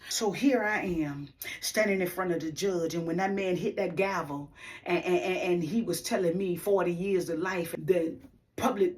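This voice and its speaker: A woman telling her faith testimony to viewers in a preacher-like way, stressing her points and speaking to the audience as y'all. She often drops to a hushed, near-whispered delivery. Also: lowish voice.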